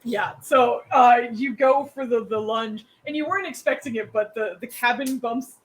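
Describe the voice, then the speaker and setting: A woman's voice: fairly high pitch, normal speed, poor audio. A woman as dungeon master of a tabletop game, explaining rules patiently, often giggling and apologizing.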